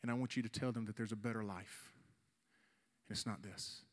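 A man in his forties, a youth pastor, preaching an earnest sermon with an altar call, slowing down for emphasis and pleading with the room. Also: lowish voice, fairly even intonation.

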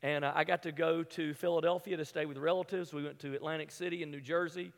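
A man from the American South preaching a sermon as a pastor, telling stories in an animated way and acting out quoted voices. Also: on the high side, fast talker, gravelly. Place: large church hall. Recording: hall reverb with music behind.

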